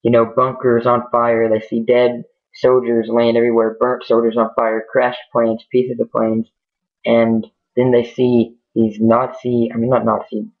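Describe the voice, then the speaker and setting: A man tells a spooky war story off the cuff, rambling and restarting often. His voice is fairly flat and mid-pitched. The audio is tinny, like a phone line. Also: a little slow. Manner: rambling, many fillers and restarts. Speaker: amateur storyteller. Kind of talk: casual improvised storytelling.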